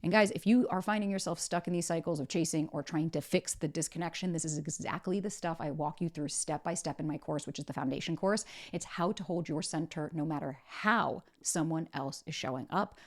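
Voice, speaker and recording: Fast-talking blunt woman giving advice. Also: low voice. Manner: blunt and emphatic, swears often. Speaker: podcast host and dating coach. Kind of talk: direct-to-camera advice talk.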